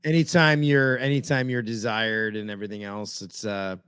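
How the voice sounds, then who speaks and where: A man hosting a podcast, asking questions in a laid-back, halting way. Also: fairly low pitch, steady tone, fairly bright tone, smooth, no echo, studio quality. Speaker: podcast host. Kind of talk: casual interview chat.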